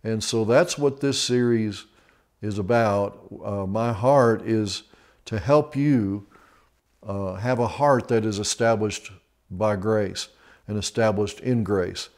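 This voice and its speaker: A man's voice: fairly low pitch, slow, darkish tone. A male pastor giving a TV sermon in an easygoing, folksy, conversational way. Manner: conversational, with frequent restarts. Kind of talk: TV sermon teaching.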